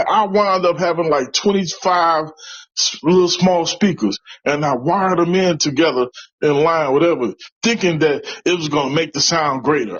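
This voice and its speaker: A man's voice: fairly high pitch, fairly bright tone, no room sound, muffled recording. A middle-aged man from Chicago telling a personal story in an interview, in an earnest way, with many restarts. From West side of Chicago. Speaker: interviewee, tradesman.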